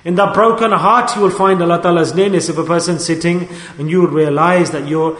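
A man delivering a sermon as a preacher, with a sing-song, drawn-out preaching delivery. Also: on the high side, a bit bright. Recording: echoey hall.

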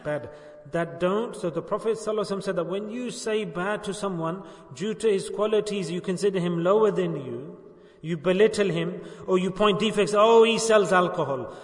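A high-voiced man preaches a sermon, stopping often to ask his listeners whether they understand. He sounds far from the mic, and his voice rings through a large hall with a long, roomy reverb. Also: fairly quick. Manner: preaching with repeated rhetorical questions. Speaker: religious teacher.

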